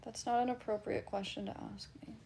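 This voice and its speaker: A woman's voice: mid-range voice, fairly even intonation, brisk, vocal fry, mellow, slight background noise. A woman livestreamer casually reading and answering chat, blunt and laughing, swearing freely.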